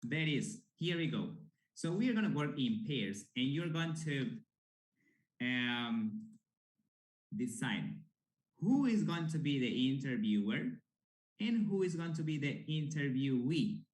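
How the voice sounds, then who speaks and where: A man teaching an English class, slowly coaching his students on intonation. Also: medium pitch, very animated, echoey room, poor audio. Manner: slow, emphatic coaching, models intonation. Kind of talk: classroom lesson.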